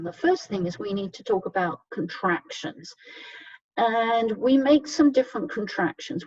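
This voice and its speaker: A woman teaching English grammar to learners, patiently explaining and often checking understanding with "okay?", and reading example sentences slowly. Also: mid-range voice, a little mellow, dry recording. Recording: dull, distant mic in a dry room.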